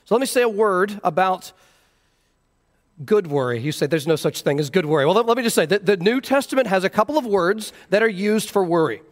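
Earnest high-voiced man preaching, hall reverb. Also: animated, a little fast. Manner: earnest, explaining scripture verse by verse. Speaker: pastor. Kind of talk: expository sermon.

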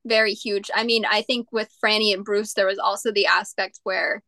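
A woman's voice: mid-range voice, flat delivery, moderate pace, bright, forceful tone, dry recording. A woman guesting on a podcast, chatting casually and analytically, saying "like" often. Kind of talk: casual chat.

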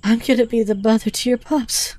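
A man voicing a passionate, devoted young female wolf-like creature in a breathy, pleading, high voice in an audio story. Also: steady tone, fairly quick, darkish tone. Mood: determined.

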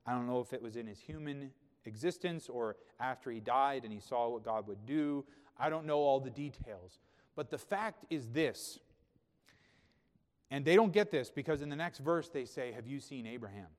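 A man's voice: medium pitch, moderate pace. Emphatic preacher man in a reverberant hall. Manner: conversational, emphatic preaching that swells to loud peaks. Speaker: pastor. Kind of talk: sermon.

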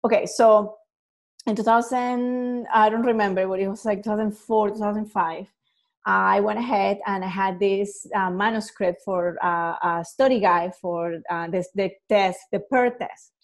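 Woman, educator, casual talk to camera, chatty, frequent laughs, filler words, middle pitch. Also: fairly even intonation, a little slow.

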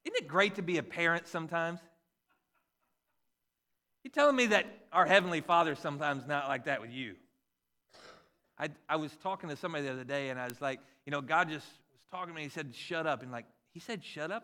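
A man in his forties, a pastor, preaching a conversational and animated sermon with jokes about his kids. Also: on the high side, quick pace. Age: 40s.

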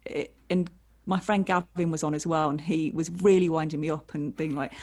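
Low-voiced woman telling rambling stories. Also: steady tone, normal speed, darkish tone. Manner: rambling, self-deprecating storyteller with acted-out quotes. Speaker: guest. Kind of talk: casual anecdotal chat.

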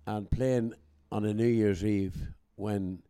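An older Irish man with a fairly low voice tells stories in a relaxed, chatty way. He hosts the conversation and brings the people he quotes to life as he goes. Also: slow, clean tone. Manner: animated joke-teller, acts out quotes. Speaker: podcast host. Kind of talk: casual storytelling chat.

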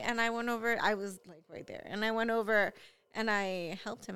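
A woman co-hosting a casual podcast chat as a parent, telling stories in an animated way. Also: mid-range voice, brisk, clear, resonant tone. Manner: animated storyteller who acts out quoted voices.

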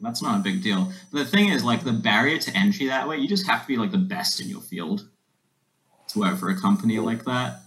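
A young man, a student, chatting in a relaxed, matter-of-fact way on a podcast. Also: lowish voice, a little fast, poor audio. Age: young adult. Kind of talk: casual chat.

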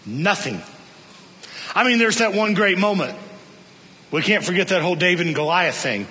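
A man preaching a sermon, telling a story with lively swings between raised, emphatic lines and hushed, low ones. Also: normal speed, in a large hall. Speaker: pastor.

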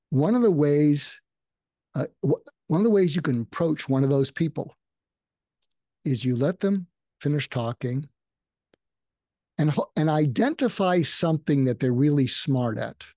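Older man, mellow, dry close sound, podcast guest, explains and acts out lines. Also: a little high, dry recording. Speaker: psychiatrist guest. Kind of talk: conversational advice in a podcast interview.

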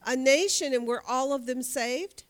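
This woman's voice sits high and keeps a moderate pace as she runs an interactive Bible class. She often repeats words while thinking aloud, putting questions to her class and answering them on her own.

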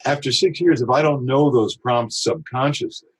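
There's a little hiss or hum behind this man's husky, mid-range voice. A voice actor and podcast guest, he discusses his craft reflectively, offering plenty of examples and quick imitations.

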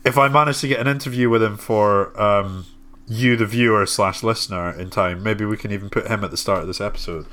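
A man's voice: fairly low pitch, fairly quick, few pauses, fairly bright tone. A man hosting a podcast, chatting casually in a jokey, rambling way. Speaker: podcast host.

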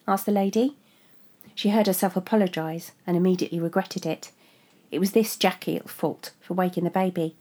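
A woman narrating a literary story in a measured, restrained way. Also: on the low side, fairly even intonation, mellow.

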